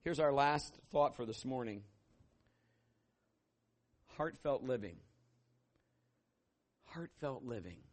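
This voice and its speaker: A middle-aged man preaching a sermon as pastor, telling stories and acting out voices with sudden loud bursts. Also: medium pitch, animated, takes it slowly, long pauses.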